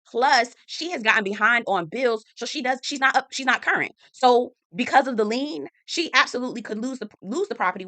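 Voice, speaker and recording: A woman chatting through a casual TV episode recap, animated and slangy with sassy asides. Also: mid-range voice, no room sound. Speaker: TV recap host.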